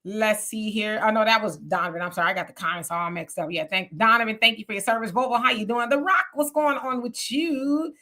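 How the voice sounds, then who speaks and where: A woman's voice: on the high side, brisk, hardly any pauses, sharp tone. A woman hosting a live online talk show who greets her viewers one by one by name. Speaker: host.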